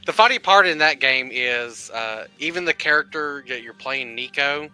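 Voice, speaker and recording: A man's voice: mid-range voice, expressive, moderate pace, bright, forceful tone, clean tone, faint music behind. A man from Tennessee with a Tennessee accent in casual group chat, joking with crude asides.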